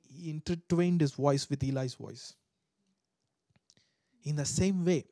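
A man preaching a sermon to a live and online congregation, swinging between loud exhortation and hushed prayer, and acting out voices in his stories. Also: fairly high pitch, no room sound, clean studio sound. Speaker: pastor.

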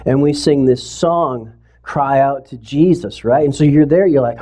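A pastor speaks to his congregation in a relaxed, mid-pitched man's voice that is neither high nor low. He talks casually, then climbs into impassioned, pleading preaching. The sermon sounds like it was recorded in a church for a streamed service. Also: a little slow. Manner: earnest, conversational preaching that rises to impassioned pleading.

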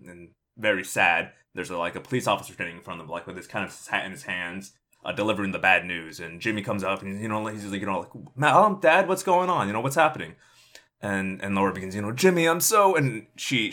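A man casually narrating a comic movie pitch, rambling with lots of fillers. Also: bright, forceful tone. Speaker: podcast co-host pitching a movie. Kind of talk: casual comedic storytelling.

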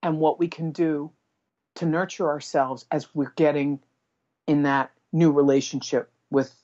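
A woman guest, an aromatherapist, speaking gently and earnestly in casual conversation. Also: sits low, steady tone, a little slow, lo-fi sound.

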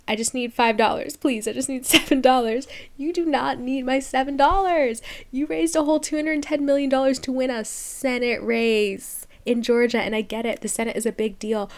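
A young woman with a somewhat high voice rants to her podcast listeners in a sarcastic, fed-up tone. She talks casually and laughs often. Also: darkish tone. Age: 20s. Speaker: podcast host. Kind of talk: casual comedic rant.

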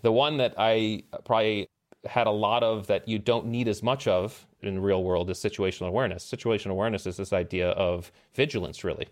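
Animated storytelling man, low voice. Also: brisk. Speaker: podcast guest, former Navy SEAL. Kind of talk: casual storytelling conversation.

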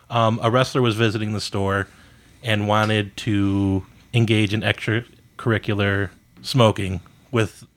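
A man co-hosting a podcast, telling a workplace anecdote in a loose, animated way. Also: mid-range voice. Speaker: podcast co-host. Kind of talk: casual storytelling chat.

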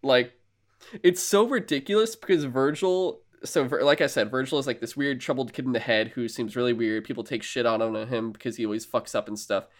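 A podcast co-host with a brisk, mid-range voice casually retells a film's plot. He's an animated storyteller, packing in filler words and playful asides and acting out quoted lines.

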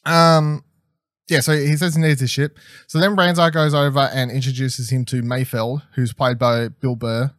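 A man's voice: medium pitch, flat delivery, normal speed, a bit bright, dry recording, studio quality. A young man chatting casually as a podcast co-host, enthusiastic and rambling, with plenty of fillers and restarts. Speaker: podcast co-host reviewing a TV episode. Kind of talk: casual chat.

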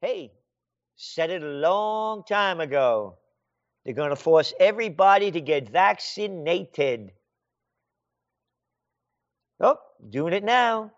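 A man's voice: sits high, expressive, takes it slowly, long pauses. A man hosting a radio show, delivering a sarcastic, theatrical satirical rant. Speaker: radio host. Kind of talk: satirical rant with a sung parody. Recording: dull lo-fi sound.

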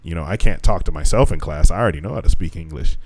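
Male podcast co-host, low voice, lively profane storyteller, dry close sound. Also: fast talker, husky, no echo. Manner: animated storyteller, swears freely, acts out quotes. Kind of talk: casual podcast chat.

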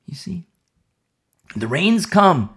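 A male preacher delivers a sermon with emphatic repetition. His voice is gravelly and sits a bit high, and his pitch rises and falls widely as he tells the story. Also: big pitch swings, slow, fairly bright tone.

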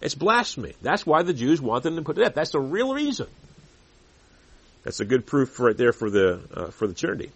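A man preaching a sermon and reading scripture aloud, earnest and growing louder when he makes a point. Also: very animated, normal speed, creaky, slightly rough. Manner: earnest, rises in pitch and volume when emphatic. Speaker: pastor.

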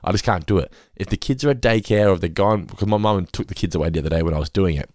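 Man, very low voice, casual podcast chat, dry close sound. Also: racing, darkish tone, dry recording. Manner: laid-back, swears freely, laughs often. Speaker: podcast co-host.

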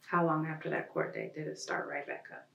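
A host interviewing a guest, with calm, probing questions and short affirmations. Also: medium pitch, brisk, gravelly. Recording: roomy echo, mic at a distance.

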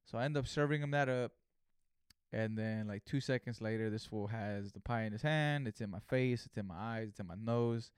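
A man's voice: on the low side, moderate pace, clean tone, dry recording, studio quality. Slangy, rambling man in his thirties. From California. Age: 30s. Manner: slangy and profane, rambling with frequent "you know" and "right?" asides. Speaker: vlogger. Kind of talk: casual storytelling monologue.

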